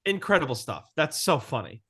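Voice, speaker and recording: A man co-hosting a podcast, talking excitedly about a film and swearing a lot. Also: on the high side, a little fast, husky. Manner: excitable, swings into mocking character voices, swears often. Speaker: podcast co-host. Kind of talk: casual film discussion.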